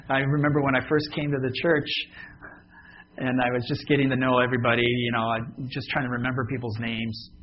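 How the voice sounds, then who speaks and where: A man's voice: mid-range voice, level tone, normal speed, long pauses, muffled recording, a little hiss or hum. A man preaching a sermon as pastor, talking casually and joking with his congregation.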